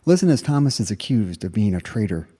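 A man hosts an audiobook review podcast, reading a scripted summary in a measured, informative way. His voice is very dark and mellow, pitched on the low side. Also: very animated, husky.

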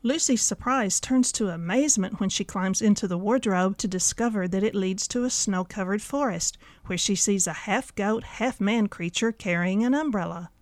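A woman hosting a book review, reading a script in a measured, clear way. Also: medium pitch, dry recording. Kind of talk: scripted narration.

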